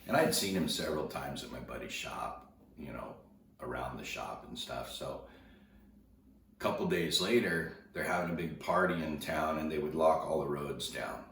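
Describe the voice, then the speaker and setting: A man with a rumbling low, gravelly, slightly bright voice tells a personal story in a casual, rambling way, restarting often and acting out quoted dialogue. He's expressive at a moderate pace, heard from a distance in an echoey room with slight background noise.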